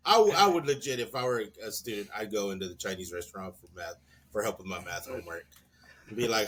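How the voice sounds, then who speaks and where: A man co-hosting a podcast in casual chat, an animated storyteller who laughs often and acts out the people in his stories. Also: on the low side, fast, crowd noise. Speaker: podcast co-host.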